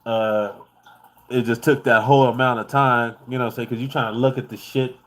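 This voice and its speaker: A laid-back man from the United States recounts his trip in a loose, profane, easygoing way. His pitch sits in a middle range, and he chuckles now and then while he talks. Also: steady tone, brisk, a bit bright. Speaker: vlogger. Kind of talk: casual travel storytelling.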